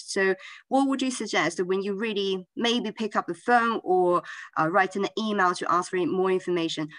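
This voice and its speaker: A woman's voice: mid-range voice, normal speed, fairly bright tone, dry recording. A woman from China moderates a webinar over a video call and asks a long question. She speaks hesitantly, with many fillers.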